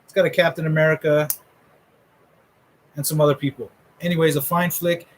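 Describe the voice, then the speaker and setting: Brief: middle-aged male host, casual trash-talking commentary, a touch high. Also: little pitch movement, brisk, a little hiss or hum, poor audio. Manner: joking, rambling trash talk. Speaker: host revealing a fantasy draft order.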